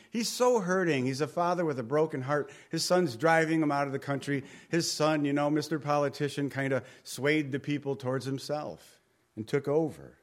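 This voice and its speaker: A man preaching a Bible study sermon in a conversational way, rising and falling in volume and sometimes dropping almost to a whisper. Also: medium pitch. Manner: conversational, varies volume, drops to near whisper. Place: room with a group.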